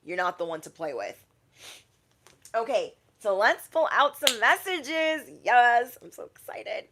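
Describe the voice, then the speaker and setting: A woman's voice: on the high side, animated, slow, background noise. A young adult woman, a tarot reader, talking casually on a livestream and acting out quoted people in shifting voices.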